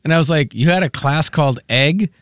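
A man's voice: fairly high pitch, a little fast, clear, resonant tone, dry recording, studio quality. A man co-hosting a radio show, joking casually and laughing often. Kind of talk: casual banter.

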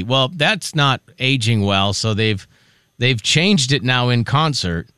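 A man's voice: mid-range voice, takes it slowly, pushed and bright, clean tone, no room sound, studio quality. A man co-hosting a casual morning radio show, chatting and joking through entertainment news. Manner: chatty, jokey storytelling. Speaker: radio co-host. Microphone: studio mic.

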